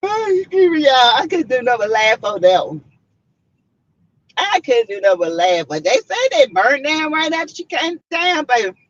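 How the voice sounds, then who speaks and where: A Southern US woman hosts a casual live stream, chatty and sprinkling "mm-mm" and "y'all" asides to her viewers. Her voice is on the high side and sing-song at a moderate pace, with no room sound, though the stream audio is slightly muffled and lo-fi.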